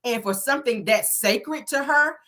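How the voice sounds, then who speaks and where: A woman's voice: on the high side, moderate pace, bright, forceful tone. A woman retelling a reality show in a casual, sassy way, full of slang and laughter. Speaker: show recap host.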